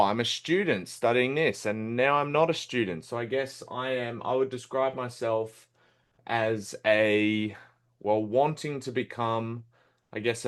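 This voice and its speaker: A man's voice: medium pitch, clean tone. A young Australian man in his twenties, a film critic being interviewed, talking in a friendly, rambling way and laughing easily. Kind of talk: casual podcast interview.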